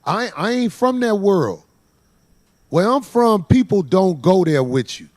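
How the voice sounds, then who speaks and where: A man's voice: sits high, big pitch swings, measured pace, darkish tone. A man speaking as a guest on a talk show, blunt and emphatic in casual chat.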